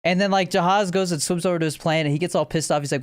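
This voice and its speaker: A man's voice: a little high, racing, no room sound. Young man, podcast co-host, rambling storyteller, dry close sound. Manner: rambling, laughs at his own stories. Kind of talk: casual chat.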